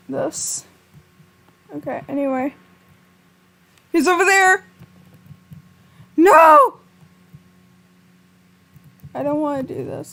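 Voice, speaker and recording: A woman with a high voice narrates her game in a panicky, pleading way, speaking to her viewers. She talks slowly and drawn out, with plenty of pauses between bursts. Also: vocal fry, dark tone, a little hiss or hum. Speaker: gamer. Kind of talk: gameplay commentary.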